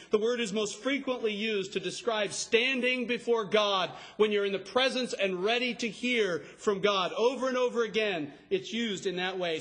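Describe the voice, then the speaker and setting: A man preaching an expository sermon, emphatic and rising to a shout on key words. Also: high-pitched, normal speed, few pauses. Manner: expository, explains scripture line by line. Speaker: pastor.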